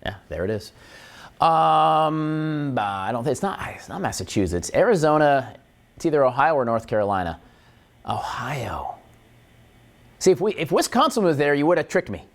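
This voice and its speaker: A man's voice: a little high, brisk. A man hosting a morning show, chatting in a jokey, wisecracking way and throwing in puns. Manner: punning, wisecracking, animated.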